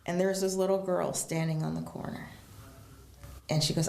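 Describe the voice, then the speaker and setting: Casting: woman, low gravelly voice, lively storyteller in an echoey room. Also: normal speed. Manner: animated storyteller, acts out quoted voices. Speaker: guest. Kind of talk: storytelling in a casual interview.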